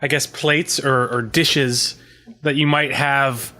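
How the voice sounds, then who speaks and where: A man from Maryland talking on a casual podcast, halting and thinking aloud as he explains. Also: medium pitch, fairly even intonation, sharp tone.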